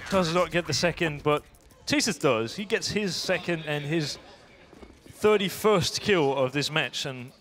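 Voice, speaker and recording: A man's voice: fairly high pitch, expressive, unhurried, fairly bright tone, slight background noise. Chatty man commenting a live esports match. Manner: chatty, laughs easily, thinks aloud mid-sentence.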